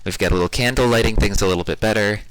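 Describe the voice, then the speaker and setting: Low-voiced man streaming his own game. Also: racing, no echo. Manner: relaxed, chatty, with fillers. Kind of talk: casual let's-play commentary. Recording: clear music behind the voice. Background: music.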